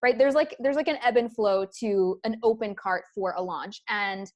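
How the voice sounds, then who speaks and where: A woman's voice: mid-range voice, normal speed. A woman hosting a coaching podcast interview, chatty and casual with slang and swearing. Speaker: host, business coach.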